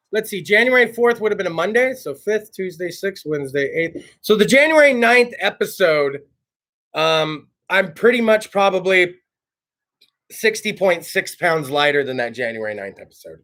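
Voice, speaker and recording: A man's voice: high-pitched, creaky, pushed and bright. A man hosting a casual talk show, delivering a brash, profane monologue and laughing at his own jokes. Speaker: host.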